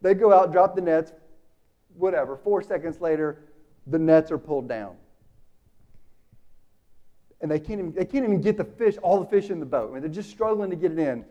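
A man preaching a sermon, casual and animated, acting out the dialogue in the story. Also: a little high, brisk, pauses often, lo-fi sound.

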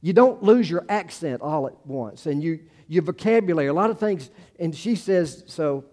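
A middle-aged American man giving a sermon, his voice a little higher than most men's yet soft and mellow in tone. He talks to the congregation like a friend, slipping in wry asides before climbing to emphatic high points. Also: lively intonation, moderate pace, few pauses. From United States. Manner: conversational preaching with asides and self-deprecating jokes; rises to emphatic peaks on key phrases. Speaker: pastor.

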